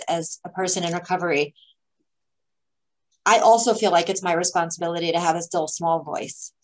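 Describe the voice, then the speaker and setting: A woman, a spiritual teacher, speaking in a measured, reflective way as a guest in a conversation. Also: on the low side, low-quality recording. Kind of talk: thoughtful conversation.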